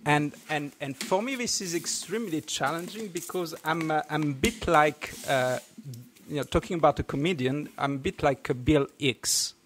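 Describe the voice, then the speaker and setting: A man with a French accent hosting a casual podcast, halting and laughing, full of restarts. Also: on the high side, a bit bright, a little hiss or hum. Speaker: podcast host.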